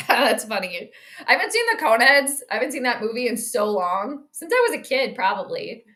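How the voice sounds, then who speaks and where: A high, bright woman's voice chatting casually on a livestream. She rambles from one topic to the next, reacting to the game and greeting viewers as she goes. The tone stays light and talkative. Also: very animated, moderate pace. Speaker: livestream host doing game commentary and astrology predictions. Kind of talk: casual live-stream chat and play-by-play reactions.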